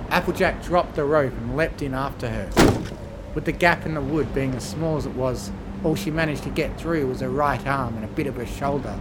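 A man reading a horror fan fiction story aloud with measured, dramatic storytelling. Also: medium pitch, background noise.

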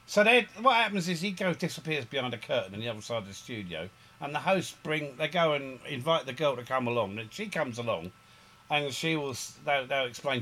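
A man in casual podcast chat, telling stories in a rambling, animated way with frequent restarts. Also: medium pitch, brisk.

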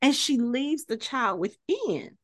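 Animated woman recapping a TV episode. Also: high voice, slow, no room sound, clean studio sound. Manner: animated retelling, acts out quoted dialogue. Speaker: podcast co-host. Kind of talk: casual TV recap chat.

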